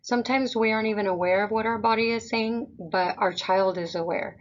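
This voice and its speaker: Woman calmly presenting a parent webinar. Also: fairly high pitch, dull audio. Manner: calm, measured, explanatory. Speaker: school district presenter.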